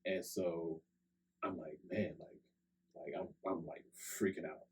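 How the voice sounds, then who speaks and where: A very low-voiced young man talks into a podcast mic. His storytelling is loose and chatty, with a "like" or a "right?" every few words. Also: steady tone, unhurried, rough recording. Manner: loose, conversational, many "like" and "right?" fillers. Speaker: podcast co-host. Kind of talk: casual storytelling chat. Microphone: podcast microphone.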